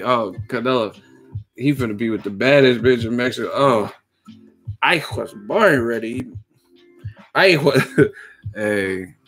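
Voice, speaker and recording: A man's voice: mid-range voice, fairly bright tone. A man riffs on boxing news during a casual livestream. He swears freely and laughs often. His voice sits mid-range, with faint music in the background. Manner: profane, joking, laughs a lot. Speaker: boxing YouTube host.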